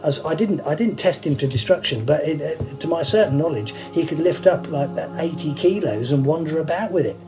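A man's voice: fairly high pitch, lively intonation, a little fast, few pauses, dark tone, faint music behind, poor audio. Wry rambling man. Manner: wry, digressive, full of fillers and asides. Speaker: host sharing stage rigging anecdotes. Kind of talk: rambling anecdotal monologue.

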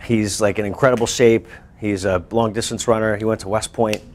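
A male teacher telling a class a lively personal story in a school classroom. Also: lowish voice, a little fast. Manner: animated, acts out voices and screams.

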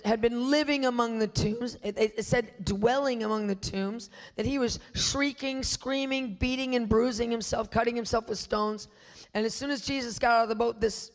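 Emphatic woman preaching in an echoey space. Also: a little high. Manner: emphatic, rhetorical questions to the audience. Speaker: guest minister teaching. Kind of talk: preaching a sermon.

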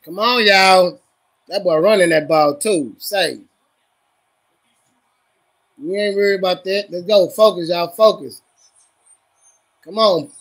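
Loud high-voiced man hyping his team. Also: takes it slowly, pauses often. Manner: loud, hyped and profane, cheering and scolding the team. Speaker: livestream host. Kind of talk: live fan reaction to a football game.

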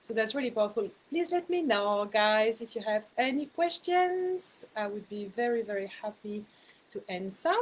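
A woman's voice: fairly high pitch, lively intonation, normal speed, rough recording. Chatty spiritual mentor, a woman. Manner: chatty, laughs at herself, repeats words for emphasis. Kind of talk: casual spiritual talk to viewers.

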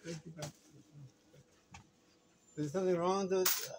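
A man's voice: high-pitched, fairly even intonation, unhurried, slight background noise. A man vlogging from a shop counter on his phone, rambling and stammering with wry remarks. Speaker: vlogger filming a shop visit. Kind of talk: casual running commentary.

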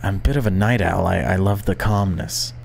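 A jittery young man calling in to a radio show, voiced by a man playing through a game, stumbling and repeating himself as he talks. His voice sits a little low and uneasy. There is a faint background hiss. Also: brisk, gravelly, a little mellow. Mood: nervous. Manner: nervous, stammering. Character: jittery young male night-owl caller.

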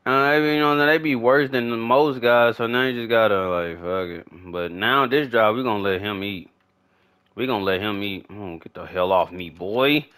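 A young man commentating his own football video game as he plays, slangy and swearing, often shouting with excitement. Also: on the low side, moderate pace, clean tone. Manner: trash-talking, swearing, hyped shouts; slangy, repetitive casual speech. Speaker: gaming YouTuber. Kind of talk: live gameplay commentary.

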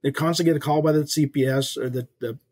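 Husky older man telling a heartfelt story. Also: fairly high pitch, steady tone, fast, a little mellow. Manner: earnest, folksy storyteller acting out quoted voices. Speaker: podcast guest. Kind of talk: storytelling testimony.

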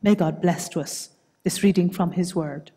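A woman with a Northern Irish accent leading worship and reading scripture aloud in a church service, slow, measured and soft-spoken. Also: lowish voice, husky. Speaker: worship leader. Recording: reverberant church hall.

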